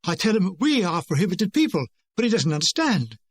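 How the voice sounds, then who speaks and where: A man's voice: high voice, very animated, fairly quick, husky. An older man reading his own war memoir aloud, with a dry, wry comic delivery. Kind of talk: audiobook narration.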